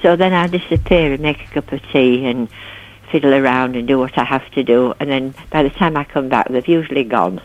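A croaky woman calling in to a radio show, telling a story in a dry way. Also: extremely low pitch, a little fast, muffled recording. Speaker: caller. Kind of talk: phone-in call.

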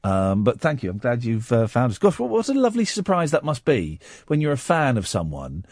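A man hosting a late-night radio show, chatting in an animated, laughing way with callers and a co-host. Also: mid-range voice, a little fast, no echo, studio quality.

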